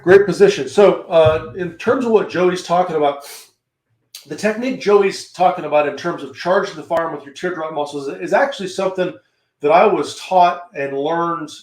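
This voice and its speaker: A man with a Southern American accent teaching handgun technique on a livestream, chatting to viewers by name as he demonstrates on camera. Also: fairly high pitch. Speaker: firearms instructor hosting a livestream. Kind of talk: live-streamed teaching and reading viewer comments. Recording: echoey room.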